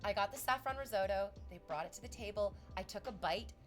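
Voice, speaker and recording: Animated young woman streamer chatting. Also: medium pitch, fast, soft background music. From Canada. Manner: animated storytelling, acts out voices. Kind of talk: casual chat to stream viewers.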